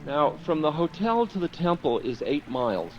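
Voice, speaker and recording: A man's voice: a little high, big pitch swings, moderate pace, a little mellow, highs cut off, faint music behind. A man, a spiritual teacher, telling a candid story about himself in a talk, self-mocking and often chuckling.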